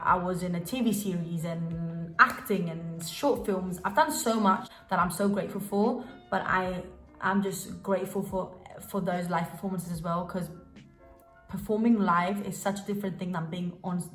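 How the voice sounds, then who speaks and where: Gushing young woman in a roomy room. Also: fairly low pitch. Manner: gushing, emotional, lots of fillers and restarts. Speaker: dancer and vlogger. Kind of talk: casual storytelling vlog. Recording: roomy sound with faint music.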